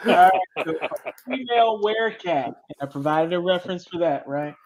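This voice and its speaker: High-pitched and lively at a normal speed, this show host and comic writer chats casually on a panel about writing comics. He walks through ideas step by step, tagging "right?" onto each point.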